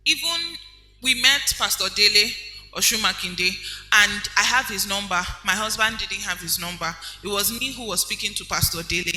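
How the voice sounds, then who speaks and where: A woman's voice: mid-range voice, moderate pace, pushed and bright. A woman preaching a sermon, telling personal stories in a conversational way. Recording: echoey hall with faint music.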